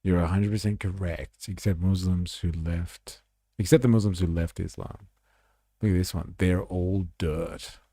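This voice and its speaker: A man's voice: low voice, fairly even intonation, normal speed, warm tone, husky, no echo, clean studio sound. An Australian man giving blunt, sarcastic livestream commentary, swearing freely as he reacts to posts. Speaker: live streamer.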